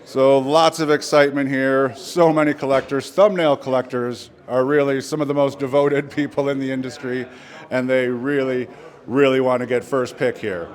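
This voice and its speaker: Male show host, chatty and upbeat, average pitch, interviewing at a crowded event. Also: flat delivery, normal speed. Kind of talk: on-location interviewing. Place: busy mineral gallery event.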